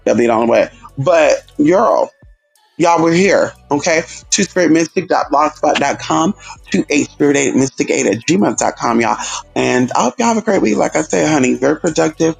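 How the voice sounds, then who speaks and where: Sassy, gravelly-voiced man chatting on stream. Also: on the high side, normal speed, soft background music. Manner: sassy, animated, addresses viewers as girl and honey. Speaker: livestream host. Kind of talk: casual livestream chat.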